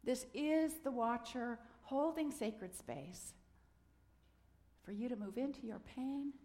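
A woman's voice: a little high, lively intonation, takes it slowly. Woman preaching in a reverberant hall. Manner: gentle, earnest, dips into soft near-whispers. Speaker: minister. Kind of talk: sermon.

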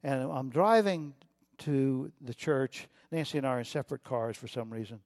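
Male pastor preaching, storytelling, gets quiet n emotional then loud again, dry close sound. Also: medium pitch, moderate pace, no echo. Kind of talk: sermon.

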